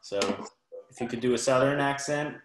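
A man's voice: mid-range voice, steady tone, normal speed, echoey room, noisy background. A man working as a talent manager, giving casual, rambling advice with frequent restarts at an online info session.

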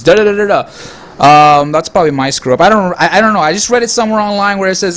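A man's voice: high voice, fast talker. A young man giving profane, mocking commentary over a video game he is playing. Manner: crude, mocking asides to the game. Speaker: gameplay commentator. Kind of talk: profane let's-play commentary.

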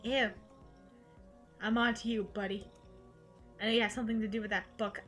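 A woman's voice: a little high, normal speed, faint music behind. A woman playing a visual novel with her sister, reading narration and joking casually. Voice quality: animated, joking. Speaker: let's play host. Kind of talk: casual chat while narrating a game.

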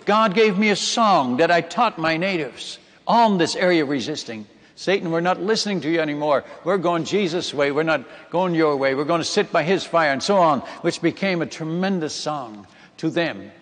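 Recorded in a reverberant hall, a man from the Netherlands who speaks Dutch natively preaches as a missionary, retelling his testimony with emphatic drama and addressing the audience as friends and folks. His slightly high, fairly bright voice moves at normal speed with lively intonation.

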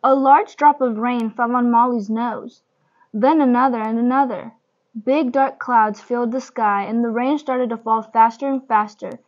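Young woman, higher-pitched storybook reader, expressive, muffled lo-fi audio. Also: normal speed. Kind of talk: reading a picture book aloud. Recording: dull lo-fi recording.

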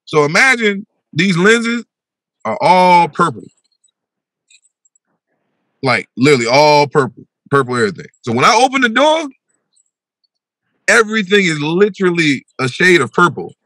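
Bright-voiced man telling a wild story. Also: moderate pace, pauses often, dry recording. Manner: animated, acts out his own past voice with big jumps in pitch; slangy, repeats "bro" and "yo". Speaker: podcast guest telling a story. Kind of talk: animated storytelling.

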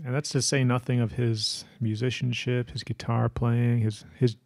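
A man co-hosting a music podcast speaks with a gravelly, creaky edge at an ordinary middle pitch. He talks in quick bursts, full of fillers and restarts, in a dry, close-miked sound with faint music underneath. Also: little pitch movement, darkish tone, dry recording. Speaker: podcast co-host. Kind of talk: casual chat.

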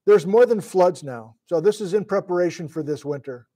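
At normal speed and in a mellow, high-pitched voice, a middle-aged man teaches geology over a live stream. The sleep-deprived lecturer from Wisconsin, USA, is flustered and casual, thinking aloud as he goes.

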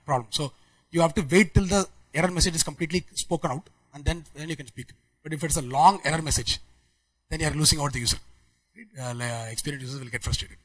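A man giving a technical conference talk, talking quickly with frequent restarts and fillers. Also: fairly high pitch, fairly bright tone, low-quality recording. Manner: rapid, many restarts and fillers. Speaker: conference speaker.

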